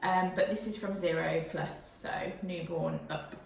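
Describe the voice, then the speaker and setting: A woman's voice: lowish voice, a little slow, creaky, recorded from a distance. Gushing pregnant woman in echoey room. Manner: excited, gushing, casual. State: pregnant, out of breath. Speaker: parenting vlogger. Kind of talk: unboxing vlog. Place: living room at home. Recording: echoey room, camera mic away from her.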